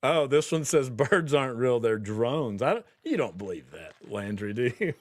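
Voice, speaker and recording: A man's voice: medium pitch, big pitch swings, moderate pace. A man hosting a podcast livestream, chatting casually with viewers in a rambling way, laughing often and restarting his sentences. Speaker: podcast host. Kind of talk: casual livestream chat reading viewer comments.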